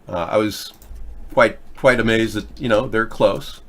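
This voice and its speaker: A man's voice: lowish voice, steady tone, a little slow, a bit bright. A man in his fifties hosting a political chat show, talking in a rambling way with frequent hesitations. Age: 50s. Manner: rambling, many hesitations and restarts. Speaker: host. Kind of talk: casual political commentary.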